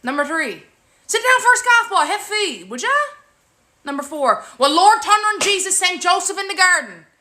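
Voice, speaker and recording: A woman's voice: very high-pitched, sing-song, normal speed, sharp tone. A woman with a Newfoundland accent playfully running through an accent challenge with exaggerated phrases.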